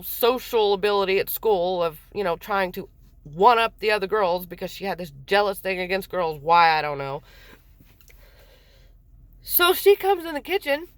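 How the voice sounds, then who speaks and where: A woman's voice: a little high, fairly bright tone, no echo. A mother telling a personal story in a casual, rambling way, swearing freely.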